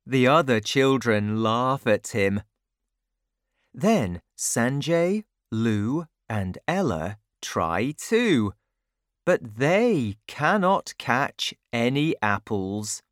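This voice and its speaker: Slow, low-voiced woman reading a storybook. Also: dry recording, studio quality. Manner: slow, clear, carefully paced reading. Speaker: narrator. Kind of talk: storybook narration for children.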